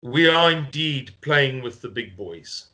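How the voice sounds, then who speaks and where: A man's voice: mid-range voice, lively intonation, slow, sharp tone. A man with a South African accent giving an earnest, rallying video update to his supporters as a movement spokesman.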